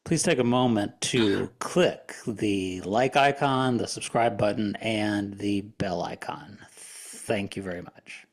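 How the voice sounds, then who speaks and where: A man with a lowish, gravelly voice who speaks slowly and haltingly, often pausing and restarting. He co-hosts a casual talk about scripture readings. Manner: halting, with frequent fillers and restarts. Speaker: podcast co-host. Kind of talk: casual religious discussion.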